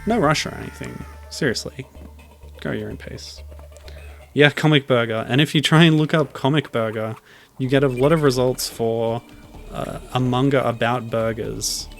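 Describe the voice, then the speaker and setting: A man gives casual gameplay commentary during a stream, often sliding into tangents, with game music underneath. His mid-range voice is steady in tone, normal in speed, and carries vocal fry.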